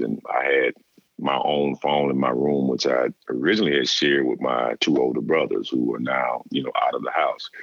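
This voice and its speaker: Brief: middle-aged male guest, extremely deep gravelly voice, dry dull lo-fi sound. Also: no echo. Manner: relaxed storyteller, acts out quoted dialogue. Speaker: former player, guest. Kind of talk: casual interview storytelling.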